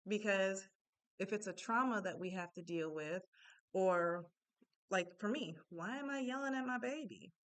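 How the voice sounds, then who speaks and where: A woman's voice: medium pitch, unhurried, clear, resonant tone. A young adult woman giving a casual, chatty self-help talk, candid and full of asides.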